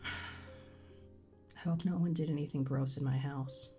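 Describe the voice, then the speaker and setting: Soft-spoken woman streamer, low voice. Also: fairly even intonation, a little slow, faint music behind. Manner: soft-spoken, often dropping to a whisper. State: congested from a cold. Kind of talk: let's play commentary and reading game text. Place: room at home. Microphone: condenser desk mic.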